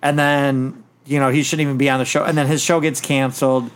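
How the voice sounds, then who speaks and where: A man's voice: medium pitch, little pitch movement, slight background noise. Rambling man retelling a film plot. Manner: rambling storyteller, quick acted quotes. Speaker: podcast host reviewing a film. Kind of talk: casual chat.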